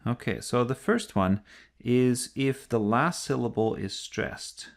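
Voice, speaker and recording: Gravelly-voiced man teaching grammar. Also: mid-range voice, takes it slowly. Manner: patient, step-by-step, repeats key points. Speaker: English teacher. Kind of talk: explaining grammar lesson.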